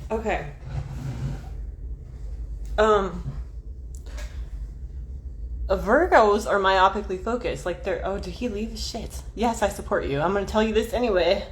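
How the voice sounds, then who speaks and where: A woman in her forties, speaking in a mid-range voice a little slowly and pausing often, livestreams astrology chat from home to her camera. She rambles to viewers in a scattered, self-deprecating way, swearing frequently, over slight background noise.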